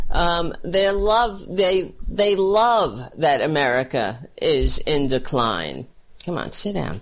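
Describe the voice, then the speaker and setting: A man's voice: fairly high pitch, gravelly, a bit bright. A man ranting at length about politics, angry, mocking and profane, as a solo commentator.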